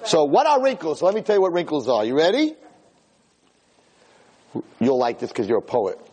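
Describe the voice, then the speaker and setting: Male lecturer, husky voice, animated and emotional storyteller. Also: on the high side, normal speed. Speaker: Torah lecturer. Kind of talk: storytelling talk to an audience.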